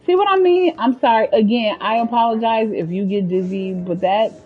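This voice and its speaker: A chatty, expressive woman with an African American English accent, giving casual commentary on a video game to her viewers. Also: fairly high pitch, moderate pace, narrow, tinny audio. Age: adult. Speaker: gaming streamer.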